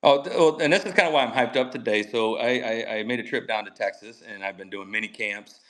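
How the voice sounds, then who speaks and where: Middle-aged male coach, mid-pitched, upbeat and animated storyteller. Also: quick pace, low-quality recording. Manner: energetic, animated, acts out quoted dialogue. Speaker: guest mental skills coach. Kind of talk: enthusiastic podcast storytelling.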